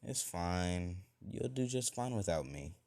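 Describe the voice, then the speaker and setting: A man voicing a bitter, banished teenage boy ninja, speaking in curt, low lines. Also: lively intonation, slow pace, creaky, a little mellow, exaggerated voice.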